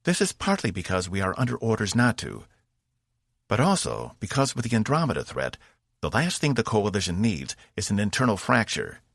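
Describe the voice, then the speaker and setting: A man's voice: fairly low pitch, wildly swooping pitch, normal speed, gravelly, fairly bright tone, dry recording, clean studio sound, pitched above the performer's own voice, exaggerated voice. A man doing a firm starship captain woman. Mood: measured. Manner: firm, authoritative, clipped orders.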